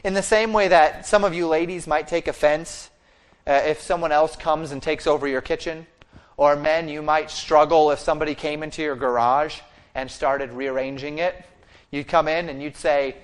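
A man's voice: a little high, fairly even intonation, moderate pace, smooth. A man preaching a sermon that explains a scripture passage line by line and acts out the quoted speech. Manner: expository preaching with fillers and restarts, acting out quoted speech. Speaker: pastor.

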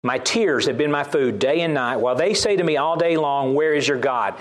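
A man's voice: on the high side, moderate pace. A man with a Southern US accent preaching a sermon, reading scripture aloud and repeating key lines for emphasis.

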